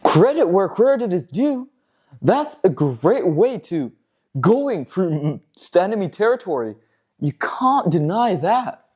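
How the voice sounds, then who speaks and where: A man hosts a car news vlog in a loose, joking commentary style. His pitch swings widely and lively from phrase to phrase, and his tone stays sarcastic and playful. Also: takes it slowly, husky. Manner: jokey, sarcastic, animated. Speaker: host of a car news show.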